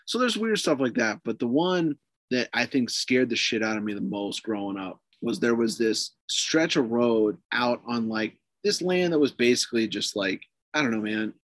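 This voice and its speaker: A man's voice: medium pitch, no room sound. A man, a podcast guest, casually tells a long ghost story with lots of swearing and fillers. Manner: profane, animated, lots of fillers.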